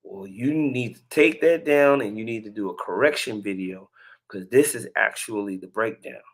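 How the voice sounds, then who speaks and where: A man's voice: fairly low pitch, normal speed. A man hosting a casual religious commentary, chatty and preachy, with chuckling asides between clips.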